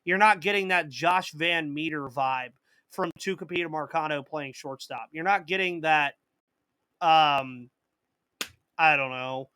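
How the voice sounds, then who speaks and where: A man's voice: fairly high pitch, measured pace, pushed and bright, clean tone, dry recording. A man hosting a live sports podcast in casual chat, reading out viewer comments and answering them, with a slight cough. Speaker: podcast host.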